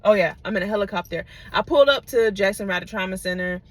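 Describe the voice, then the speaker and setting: A woman's voice: mid-range voice, quick pace, no echo. A woman vlogger telling a personal story in a casual, digressive, profane way, often checking in with her listeners.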